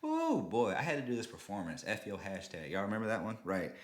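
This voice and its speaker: A man hosting a podcast, telling a story in a casual, animated, slangy way and talking straight to his listeners. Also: fairly low pitch, fast, roomy sound. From Georgia, US. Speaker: podcast host.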